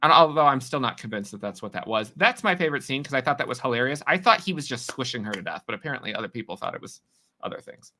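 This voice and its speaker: Streamer guy from New York, bright tone, chatty and teasing with his viewers. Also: mid-range voice, lively intonation. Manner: chatty, teasing, quick reactions to chat. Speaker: livestream host. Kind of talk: casual livestream chat reading comments.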